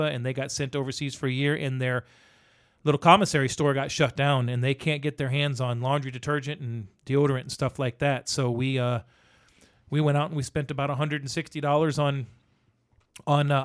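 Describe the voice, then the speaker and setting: A man's voice: medium pitch, clean tone, no echo, studio quality. A middle-aged man co-hosting a podcast, talking in a rambling, casual way with lots of restarts and fillers. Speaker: podcast co-host.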